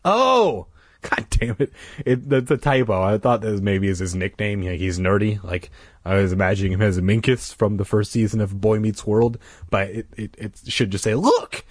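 A man reading a children's chapter book aloud, expressive, who stops now and then to comment jokingly. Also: on the low side, brisk, slightly rough, no room sound, clean studio sound. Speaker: reader.

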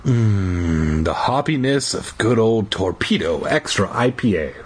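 A man's voice: on the low side, lively intonation, unhurried, breathy edge. A man reading a children's book aloud in a casual way, breaking off for irreverent, profane jokes. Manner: irreverent, profane, jokey commentary. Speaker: amateur audiobook reader. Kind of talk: casual read-aloud with joking asides.

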